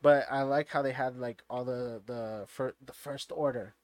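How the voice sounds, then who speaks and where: Talking at a moderate pace with fairly even intonation, a man with a mid-range voice co-hosts a podcast in loose, rambling conversation. He leans on fillers and keeps restarting sentences, and the recording is dry.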